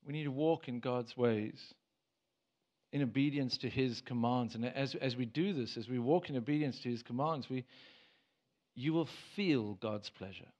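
Preaching a sermon in church, an earnest, direct pastor speaks at a middle pitch and moderate pace, his voice a little mellow. He stumbles through restarts before pushing into emphatic bursts, and the service recording is slightly dull.

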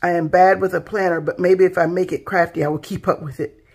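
A woman's voice: on the low side, fairly even intonation, a little fast, slightly rough. A woman hosting a craft channel, chatting casually and admiringly as she unboxes handmade gifts. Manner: soft-spoken, gushing, admiring.

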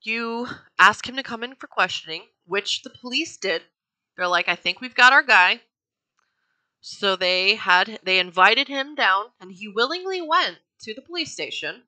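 A woman's voice: medium pitch, expressive, measured pace, bright, forceful tone. A woman casually telling a true crime story, chatty and profane with wry asides. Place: home.

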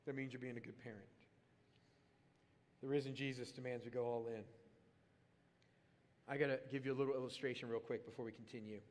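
Animated pastor preaching in a big hall. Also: male voice, medium pitch, fairly quick, long pauses. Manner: animated, comic storytelling with bursts of loud excitement. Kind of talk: sermon. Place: church auditorium. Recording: long reverb of a large hall.

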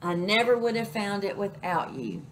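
A woman voicing a young, shy male fish who sounds hopeful and a little higher than her own voice. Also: lively intonation, moderate pace, slight background noise, close to an everyday voice.

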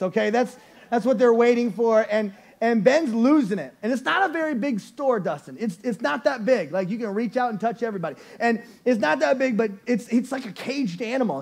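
A man preaching a storytelling sermon to a church congregation, animated and playful, often laughing as he goes. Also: high voice. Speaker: lead pastor. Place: church service before a congregation.

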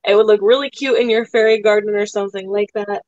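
A woman's voice: mid-range voice, steady tone, quick pace, darkish tone, no room sound, muffled recording. A woman hosting a live online sale in casual chat, laughing often as she talks. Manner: giggly, laughs often while talking.

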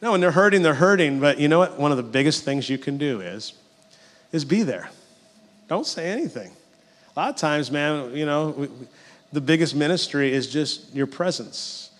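A man's voice: fairly high pitch, animated, normal speed. A middle-aged man preaching a sermon in a conversational, storytelling way, full of asides. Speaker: pastor. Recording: long hall reverb.

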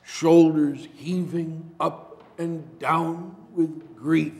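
A man delivers a sermon from the pulpit, his voice sitting a little high for a man. He speaks unhurriedly, pausing between phrases like a storyteller. The church sanctuary around him rings with a long reverb. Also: fairly even intonation, creaky, darkish tone. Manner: slow, measured storytelling delivery. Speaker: pastor.

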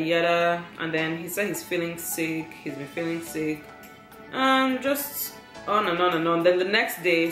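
A woman's voice: on the low side, reverberant. A young woman, teasing and laughing as she chats with her partner. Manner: teasing, laughing, lively storytelling. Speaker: vlogger. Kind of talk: casual couple chat.

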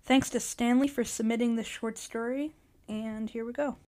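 A podcast host reading a short adventure story aloud in an eager storytelling manner. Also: female voice, fairly high pitch, steady tone, moderate pace, loud music behind the voice. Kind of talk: storybook narration.

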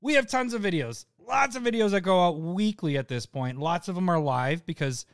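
A man co-hosting a live podcast, chatting casually and rambling through patron shout-outs. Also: sits high, lively intonation, a little fast, dry recording, clean studio sound. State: hiccups and eating hot peppers. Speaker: podcast co-host.

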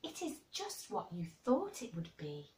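A woman voicing a frail, excitable boy who gasps and cries out eagerly. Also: a little slow. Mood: enraptured. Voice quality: high, breathless, gasping. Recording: roomy and distant.

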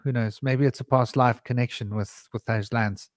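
A man's voice: medium pitch, steady tone, normal speed, no room sound. Male host, meandering anecdotal storyteller, dry close sound. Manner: rambling anecdotal storyteller, restarts and asides. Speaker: podcast host. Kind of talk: candid storytelling conversation.

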